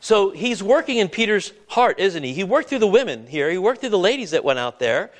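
The preacher, a high-voiced man, moves fairly quickly with big pitch swings through an earnest, conversational sermon. He often repeats and restarts himself and puts questions to the congregation.

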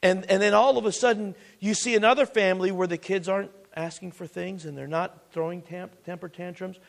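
Preacher guy with a high gravelly voice, earnest, keeps restarting lines. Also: steady tone, a little fast. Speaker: pastor. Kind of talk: sermon.

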